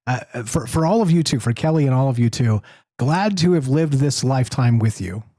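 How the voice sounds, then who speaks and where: A man hosting a call-in show, talking in an animated, emphatic way about ideas. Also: medium pitch, a little fast, no echo. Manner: animated, emphatic, rising to exasperated. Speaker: show host. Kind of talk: casual call-in chat.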